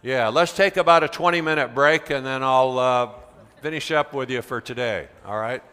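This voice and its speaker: A man from the United States gives a conference talk as a veteran teacher, in an ordinary middle pitch. He tells stories from his classroom in a lively way and acts out both sides of the dialogue. His voice rings with the long reverb of a big convention hall. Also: normal speed, smooth. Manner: animated storyteller, acts out quoted dialogue. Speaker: keynote speaker, veteran teacher. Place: large convention center hall.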